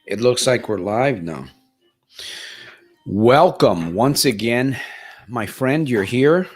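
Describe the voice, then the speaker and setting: A man coaching viewers live over a webcam microphone, his voice at a middling pitch. He speaks earnestly and motivationally, circling back, restarting and repeating phrases as he works through viewers' questions. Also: lively intonation, slow. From Stockton, California. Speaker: life coach hosting a live stream.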